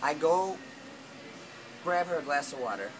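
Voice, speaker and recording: A man's voice: on the high side, animated, measured pace, noisy background. Rambling, profane man telling a story. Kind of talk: casual storytelling.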